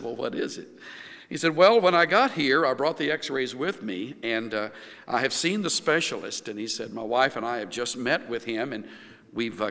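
An older man preaching a sermon, earnest and measured, with frequent restarts and fillers. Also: mid-range voice, sharp tone, long reverb tail. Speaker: pastor.

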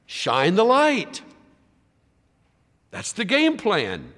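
Male pastor, dramatic dynamics, slightly high voice, reverberant hall sound. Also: wildly swooping pitch, slow, long pauses. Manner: dramatic swings from loud to hushed. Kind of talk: sermon.

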